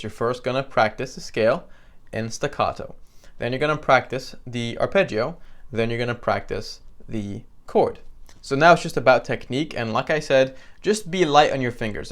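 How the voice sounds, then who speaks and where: A man teaching piano in a relaxed, conversational way with frequent fillers, counting beats aloud. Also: medium pitch. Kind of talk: instructional tutorial. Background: piano playing between phrases.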